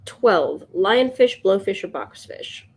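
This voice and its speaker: Slow, chatty woman on a sketch stream. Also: medium pitch, lively intonation, vocal fry, a little mellow, a little hiss or hum. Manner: slow, chatty, thinking aloud, yawning. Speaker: livestream sketch artist. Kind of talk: casual livestream chat.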